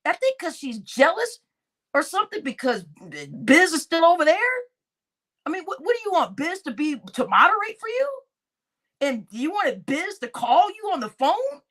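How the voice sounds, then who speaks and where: A woman's voice: very high-pitched, very animated, moderate pace, fairly bright tone. A woman giving an indignant, exclaiming livestream commentary, talking straight to her chat.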